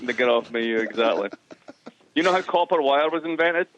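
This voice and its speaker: A man's voice: mid-range voice, lively intonation, fairly bright tone, muffled recording, a little hiss or hum. A man with a Scottish accent, from the east coast of Scotland, joking and explaining as a guest economist. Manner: jokey, quick explainer. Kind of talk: joking interview talk.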